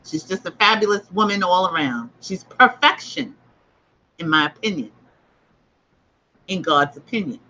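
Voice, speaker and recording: A woman's voice: on the low side, expressive, unhurried, long pauses, sharp tone, highs cut off. A woman hosting a livestreamed spiritual book discussion, emphatic and repetitive as she makes her points. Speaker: host.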